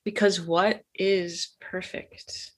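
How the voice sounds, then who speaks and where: A woman's voice: fairly low pitch, fairly even intonation, drawn-out words. Earnest, reflective woman co-host. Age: adult with a young daughter. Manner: reflective, earnest, trailing off mid-thought. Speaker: podcast co-host. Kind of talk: casual chat.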